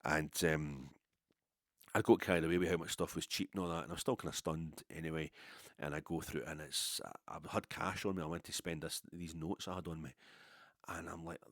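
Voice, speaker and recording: Deep-voiced rambling Scottish man. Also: steady tone, quick pace, no echo, clean studio sound. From Scotland. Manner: rambling, self-deprecating storyteller with swearing. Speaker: podcast host. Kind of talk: casual rambling monologue.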